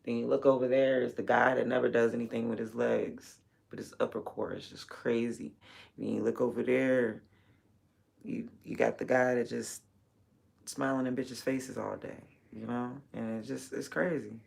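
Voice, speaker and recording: A woman's voice: rumbling low, steady tone, normal speed, vocal fry, a little mellow, husky. A woman livestreaming while she works, chatting bluntly and profanely with viewers and laughing often. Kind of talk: casual livestream chat.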